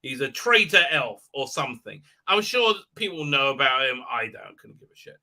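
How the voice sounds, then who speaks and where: A man's voice: mid-range voice, very animated, normal speed, bright, forceful tone. A man hosting a live stream, giving a sarcastic, rambling recap with many "uh, uh" hesitations and sneering asides.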